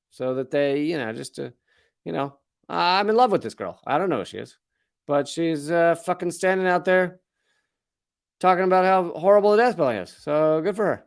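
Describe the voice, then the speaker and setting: A man's voice: fairly high pitch, clear, resonant tone. Sardonic, profane man riffing on the news. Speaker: comedian and political commentary host. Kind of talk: comedic political monologue.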